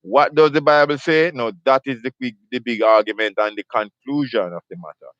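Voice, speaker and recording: A man's voice: medium pitch, a little fast, a bit bright, no room sound, highs cut off. A man, preaching on a live video and firing off repetitive rhetorical questions. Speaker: host of a live video ministry. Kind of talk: preaching monologue.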